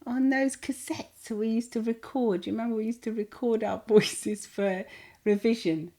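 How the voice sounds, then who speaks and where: A woman's voice: fairly high pitch, fairly even intonation, normal speed, dark tone. A middle-aged woman from England co-hosting a podcast, playful and reminiscing in casual chat. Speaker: podcast co-host.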